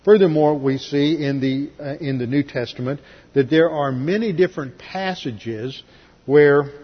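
A man's voice: mid-range voice, breathy edge. A man teaching a Bible class in a methodical way, walking through verses with dry asides, in a church sanctuary. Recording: lo-fi recording, long hall reverb.

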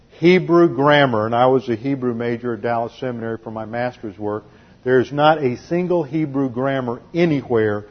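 A man teaching the Bible in a pastor's lecture, emphatic and didactic, hammering each point home. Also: mid-range voice. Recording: dull lo-fi recording.

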